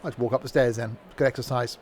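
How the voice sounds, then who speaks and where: A man's voice: medium pitch, steady tone, fast, a little mellow, a little hiss or hum. A man streaming a train simulator, talking in casual, rambling commentary full of fillers and self-mocking asides, from a home setup.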